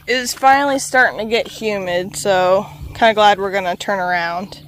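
A woman's voice: medium pitch, moderate pace, fairly bright tone, slight background noise. A woman vlogging casually on an outdoor trail, chatting and talking to her dog as she walks. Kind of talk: casual walking vlog.

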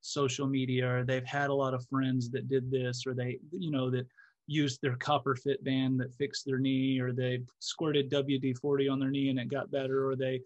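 A man's voice: medium pitch, completely flat delivery, moderate pace, a little mellow, no room sound. Thoughtful man explaining on a podcast. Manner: thoughtful, explanatory, with frequent restarts. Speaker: guest physiotherapist. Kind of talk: casual podcast conversation.

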